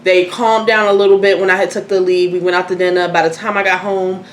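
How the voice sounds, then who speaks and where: A young woman telling a personal story in casual chat, candid and animated, swearing freely. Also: on the low side, fast talker. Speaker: host. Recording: echoey room, faint noise.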